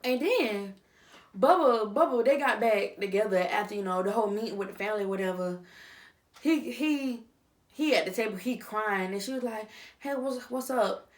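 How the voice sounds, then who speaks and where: A woman vlogger at a middle pitch riffs on a reality TV show in casual, slangy commentary. She speaks straight to her viewers. Her delivery swings from hushed asides to loud, animated bursts. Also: moderate pace.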